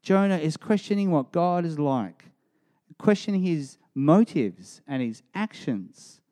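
A man preaching a sermon, emphatic and animated as he tells the story. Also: fairly high pitch, a little slow.

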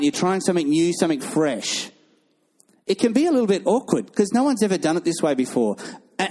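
Expressive male preacher with a mellow voice. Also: high voice. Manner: animated preaching, acting out voices of others in his stories. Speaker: pastor. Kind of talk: sermon.

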